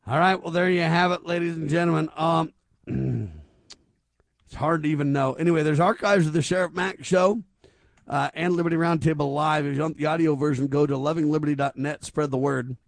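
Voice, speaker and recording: A man's voice: on the high side, fairly even intonation, fairly quick, gravelly, no room sound. A man hosting a talk radio show, speaking emphatically and stacking rhetorical questions. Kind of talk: conservative talk radio commentary.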